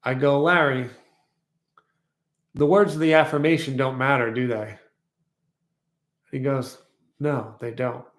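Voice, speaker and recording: A man telling a personal story in a casual vlog, reflective and rambling, slowly repeating affirmations. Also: medium pitch, fairly even intonation, fairly bright tone, reverberant. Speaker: vlogger.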